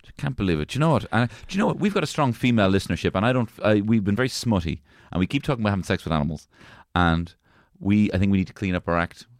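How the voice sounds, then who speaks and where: A man co-hosting a podcast, bantering crudely and often filling pauses with um and uh. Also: on the low side, animated, no echo, clean studio sound. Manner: joking, crude banter with frequent fillers. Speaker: podcast co-host. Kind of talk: casual podcast chat.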